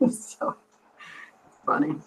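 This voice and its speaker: A woman's voice: a little mellow, poor audio. A woman on a casual chat as a guest, rambling and laughing often. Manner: giggly, rambling.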